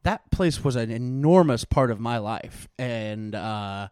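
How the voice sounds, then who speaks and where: A young man tells a long personal story in relaxed, profane conversation. His voice sits in a middle register and he slips into quick impressions of the people he describes. The sound is close and dry, with no room around it. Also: medium pitch, clear, resonant tone, no echo. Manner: animated, swearing, acts out quoted voices. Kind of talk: casual storytelling chat.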